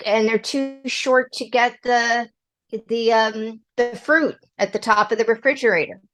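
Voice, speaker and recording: A woman's voice: a little high, measured pace, fairly bright tone. A woman guest on an interview show, giving advice to mothers in an emphatic, coaching manner. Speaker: guest parenting and PR expert.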